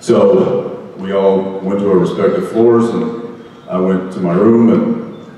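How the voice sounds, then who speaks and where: Guy telling a funny story onstage at a convention, lowish voice, laughing, repeats himself a lot, super echoey hall, far off. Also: measured pace, pauses often. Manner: laughing, animated storytelling with many repeated phrases. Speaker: actor guest on a fan convention panel. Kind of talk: humorous anecdote told to a live audience. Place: large convention hall stage.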